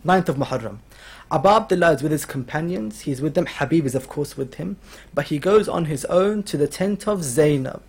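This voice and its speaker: High-voiced man preaching a mourning sermon. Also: expressive, brisk, a little mellow, breathy edge. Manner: storytelling, quoting figures with rising emotional intensity. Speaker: religious speaker. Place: lecture hall.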